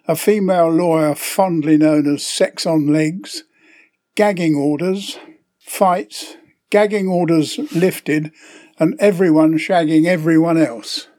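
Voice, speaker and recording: A man's voice: on the high side, a little mellow. An older man hosting his podcast, delivering a scripted, sardonic comic monologue. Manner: sardonic, opinionated storytelling. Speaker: podcast host.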